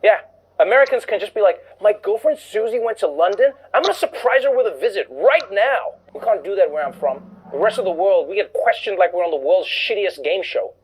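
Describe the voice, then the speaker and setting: A man's voice: sits high, animated, fairly quick, darkish tone, breathy edge, low-quality recording. A man hosting a comedy show, delivering scripted sarcastic commentary and acting out voices for punchlines.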